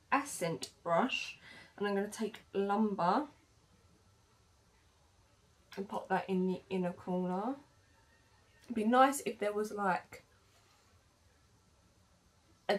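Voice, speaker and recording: A woman chatting casually through a makeup demo, with lots of fillers and self-corrections. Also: medium pitch. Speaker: beauty vlogger. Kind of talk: makeup tutorial chat.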